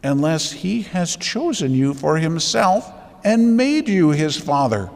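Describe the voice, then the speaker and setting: Slow, high-voiced priest preaching in a hall. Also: male voice, sing-song, gravelly. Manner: emphatic rhetorical questions, rising to intense exhortation. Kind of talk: sermon. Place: church.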